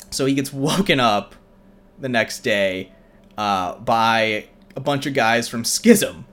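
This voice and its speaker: A man's voice: mid-range voice, slow, fairly bright tone. A young man hosting a show, casually recapping a film in a rambling way with many fillers. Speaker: host.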